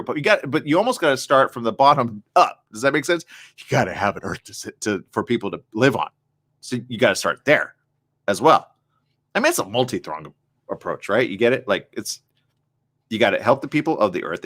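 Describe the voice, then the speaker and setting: A man hosting a live online morning show, chatting casually and reading viewer comments in a rambling way, often checking in with his audience. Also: mid-range voice. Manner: rambling, animated, asks the audience "you get it?".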